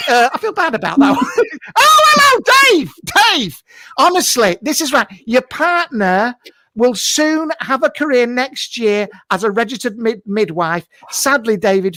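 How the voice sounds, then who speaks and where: The voice sits high and is heavily acted, with no room sound. It belongs to a man portraying a rude, blunt, camp TV psychic of middle age who runs a live show from a home garage, yelling greetings and playing up a mock-mystical act in a comedic, improvised live stream.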